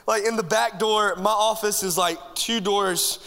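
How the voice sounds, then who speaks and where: Youth pastor guy, high sharp voice, jokey and pumped, big echoey church hall. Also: unhurried, vocal fry. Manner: animated, joking, talks straight to the crowd. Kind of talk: energetic sermon to a congregation. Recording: long hall reverb from a church room.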